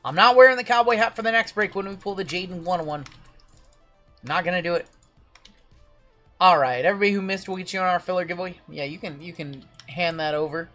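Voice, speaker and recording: A man hosting a live-stream card break, chatty and reading lists of names quickly. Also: high voice, fairly bright tone, soft background music.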